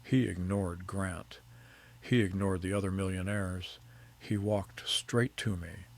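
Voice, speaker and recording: A middle-aged man narrating a first-person story in a calm, measured, precise way. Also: sits low, dry recording.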